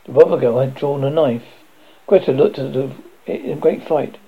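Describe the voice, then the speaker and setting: A man's voice: medium pitch, normal speed, breathy edge. A man reading a children's story aloud, stumbling and correcting himself often. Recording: dull lo-fi recording.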